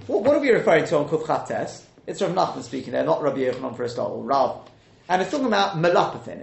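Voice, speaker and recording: A man teaching a Talmud class, questioning the texts out loud and mixing in Hebrew and Aramaic terms. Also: high-pitched, roomy sound.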